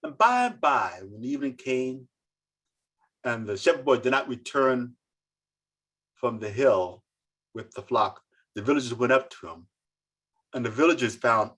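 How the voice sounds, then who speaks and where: A storyteller telling folk tales slowly and dramatically over a video call. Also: fairly bright tone, breathy edge. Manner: slow, dramatic, with sweeping pitch. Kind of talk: oral folk tale telling.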